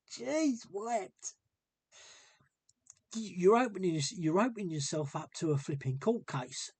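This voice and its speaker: Husky-voiced man rambling earnestly. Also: sits high, lively intonation, moderate pace, hardly any pauses, no room sound. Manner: rambling, repeats himself, earnest. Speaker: vlogger telling a personal story. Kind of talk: casual storytelling monologue.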